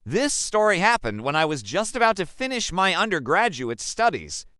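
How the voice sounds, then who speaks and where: A young African man narrates a personal story slowly and emphatically, his high, bright voice swinging widely in pitch. He is very animated, and the recording is dry and close with no echo.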